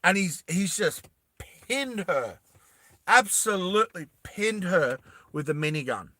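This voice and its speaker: A man casually telling a story to his live chat, animated, laughing often and acting out the characters. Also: high-pitched, measured pace, slight background noise.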